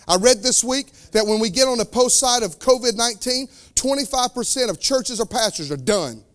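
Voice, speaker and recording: His voice very high-pitched and his intonation lively, a pastor preaches with fervor. He shifts back and forth between loud declarations and quiet, slowed asides.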